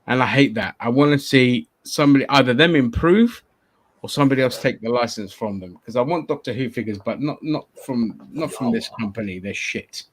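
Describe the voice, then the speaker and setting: A man at mid pitch hosts a loose, rambling podcast chat. He swears freely and laughs often. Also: a little fast, slightly rough. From London. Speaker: podcast host.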